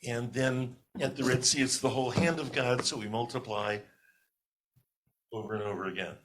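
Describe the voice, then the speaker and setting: A man's voice: medium pitch, normal speed, background noise. A man in a study class explaining a comparison from the text. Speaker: class participant.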